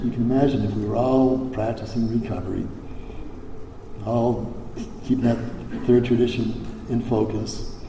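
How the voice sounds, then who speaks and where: A man's voice: medium pitch, noisy background. Rambling older man in an echoey hall. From Hawaii. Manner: rambling, many fillers and restarts, salty language. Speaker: convention speaker. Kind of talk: recovery convention talk. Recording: echoey hall, faint ambience.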